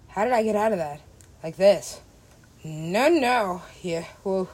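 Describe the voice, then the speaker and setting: Slow, rambling woman who laughs a lot. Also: mid-range voice, lively intonation, darkish tone, husky. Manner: meandering, laughs often, swears casually. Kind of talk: rambling casual monologue.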